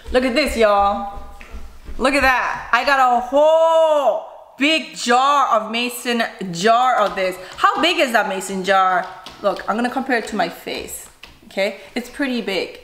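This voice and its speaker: A woman's voice: on the high side, pushed and bright. Chatty woman vlogger, echoey kitchen. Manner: chatty, demonstrative, addressing viewers directly. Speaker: cooking vlogger. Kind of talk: casual chat to camera. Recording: echoey room, faint noise.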